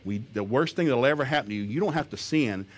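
A man preaches a sermon to a congregation in a homespun, emphatic voice. He chuckles between lines, then climbs to loud, fervent peaks whenever he quotes scripture. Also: mid-range voice, lively intonation, fast talker. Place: church service before a congregation.

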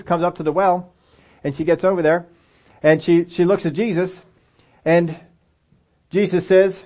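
The voice here is high-pitched and a little mellow, with a steady tone at normal speed, though the recording is muffled. It belongs to a pastor preaching conversationally in a sanctuary with children present, acting out the story's characters.

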